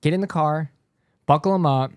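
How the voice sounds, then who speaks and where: A man's voice: on the high side, moderate pace, clear, resonant tone, no room sound, studio quality. A young man, a podcast co-host, telling a story in a loose, profane, rambling way. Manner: loose, swears constantly, trails off and restarts.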